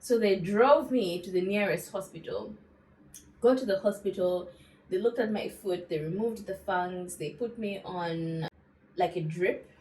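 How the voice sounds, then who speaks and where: A young woman from Zambia telling a story in a casual, animated way while going through her skincare routine, with lots of asides to her viewers. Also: mid-range voice, measured pace, echoey room, slight background noise, low-quality recording. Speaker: beauty vlogger.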